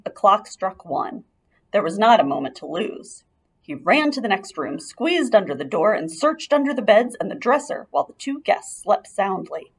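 A woman reading a children's chapter book aloud, her narration full of lilt and swinging pitch. The voice has a gravelly, slightly husky texture, and she shapes each sentence expressively for young listeners. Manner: expressive, lively storyteller. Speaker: audiobook reader.

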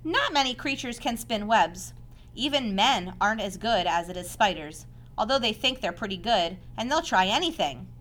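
A woman reading aloud and voicing a wise, kind female spider who explains things patiently and teases gently. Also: medium pitch, animated, moderate pace, close to an everyday voice. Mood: gentle.

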